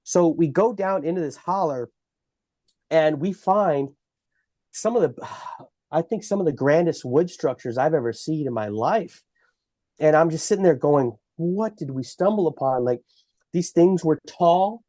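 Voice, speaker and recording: A man with a Texan accent tells his story in an animated, halting way. He often restarts his sentences, and his voice sits a little high for a man. The sound is dry and close, with no room around it. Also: no echo. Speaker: bigfoot researcher guest. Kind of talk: storytelling in a podcast interview.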